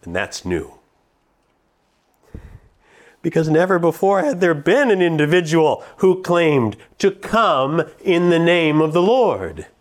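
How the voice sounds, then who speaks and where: A man's voice: a little high, sing-song. Man preaching an expository sermon. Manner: expository, with slow emphatic scripture readings.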